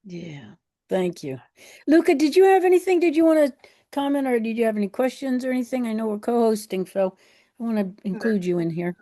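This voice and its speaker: A woman's voice: on the high side, expressive, dark tone. A woman hosting a webinar Q&A on a video call, handing the floor around and apologizing now and then. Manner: apologetic, quick to hand over the floor. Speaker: host and moderator. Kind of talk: moderating a webinar Q&A.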